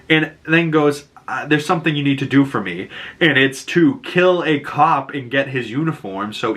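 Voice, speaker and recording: A man with a Boston accent casually recapping a TV episode, laughing often and acting out characters' lines in quick bursts. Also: medium pitch, a bit bright. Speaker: show recap host.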